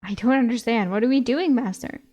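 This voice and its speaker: A woman's voice: on the high side, brisk, darkish tone, lightly acted. A woman voicing a blunt literal-minded dog. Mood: puzzled. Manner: blunt, literal, matter-of-fact. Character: earnest literal-minded male magic dog. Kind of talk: reading a novel aloud with voices.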